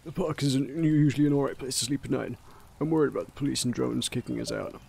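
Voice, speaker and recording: A man voicing a scruffy, humble homeless man in a video game with a low, mumbling hobo voice. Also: fast, creaky, darkish tone, slight background noise. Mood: weary.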